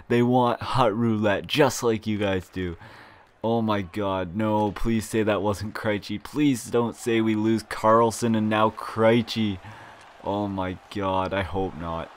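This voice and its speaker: A young man talks through his own video game match in a lowish, unhurried voice. He mutters and swears when things go wrong and bursts into loud, excited shouts when things go right. This is casual live gameplay commentary. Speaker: gaming YouTuber.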